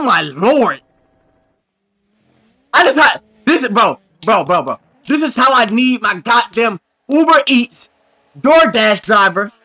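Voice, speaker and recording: High-pitched excitable man reacting. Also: highs cut off. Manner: excitable, exclamatory, profane slang. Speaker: reaction video host. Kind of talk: casual reaction commentary.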